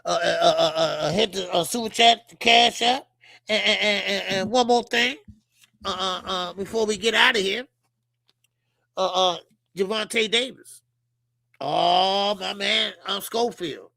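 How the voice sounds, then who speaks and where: Profane, rambling man with gravelly voice. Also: high-pitched, unhurried, pushed and bright, dry recording. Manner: blunt, profane, repeats himself, many fillers. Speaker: boxing channel host. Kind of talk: casual livestream commentary.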